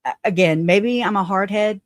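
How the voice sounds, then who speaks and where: A casual livestream host reads viewer comments aloud and gives blunt, opinionated takes, with an occasional curse. The talk is loose and chatty and often breaks into laughter. The voice sits at a middling pitch and sounds dry and close, with no room echo. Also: normal speed.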